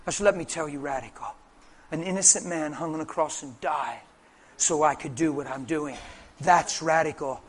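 A male preacher from Pennsylvania telling a story in a sermon. He moves from soft quoted dialogue to loud, animated exclamations. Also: on the high side, moderate pace. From Pennsylvania, USA.

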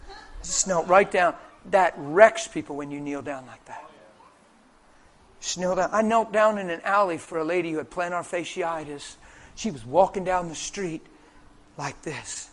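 A male preacher from Pennsylvania telling a story in a sermon. He moves from soft quoted dialogue to loud, animated exclamations. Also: sits high. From Pennsylvania, USA.

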